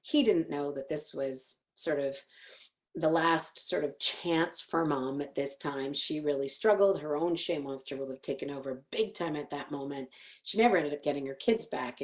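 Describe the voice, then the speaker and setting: A middle-aged woman psychologist giving an educational talk, telling lively stories and acting out what people say. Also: low voice. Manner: animated storytelling, acting out quotes. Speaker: clinical psychologist presenting.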